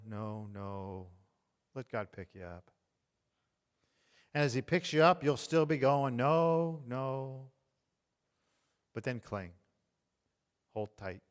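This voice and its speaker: Slow, hushed pastor in a reverberant hall. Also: male voice, mid-range voice. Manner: slow, tender, hushed delivery. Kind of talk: sermon.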